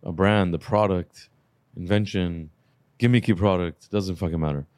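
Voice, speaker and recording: A laid-back man talking casually on a podcast, his voice low and mellow. He rattles off lists and drops the odd swear word. The sound is close and dry. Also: steady tone, normal speed, no room sound. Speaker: podcast co-host, car shop owner.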